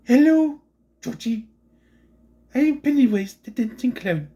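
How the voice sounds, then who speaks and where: A menacing, playful clown voiced by a man taunts in a high, sing-song voice. The pitch leaps well above his normal talk and it comes out loud. A faint room hum sits underneath. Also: lively intonation, measured pace. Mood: taunting.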